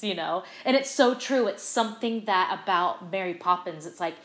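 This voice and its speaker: A middle-aged actress telling stories in a casual interview, animated and full of fillers. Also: female voice, on the low side, moderate pace, few pauses, reverberant. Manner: bubbly, animated storytelling with many fillers. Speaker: guest, stage actress.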